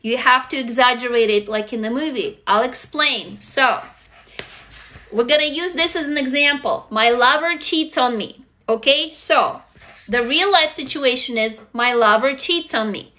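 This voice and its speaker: A high-pitched woman with a bright, sharp tone leads viewers through a writing exercise on a live stream. She talks in a casual, upbeat way, reads comments aloud and swears freely. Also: measured pace.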